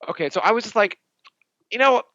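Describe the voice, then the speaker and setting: Chatty man with a bright, dull-sounding voice. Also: high-pitched, a little fast, dry recording. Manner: rambling storyteller, acts out both sides of conversations. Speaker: podcast co-host. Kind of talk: casual chat. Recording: dull lo-fi dry podcast mic.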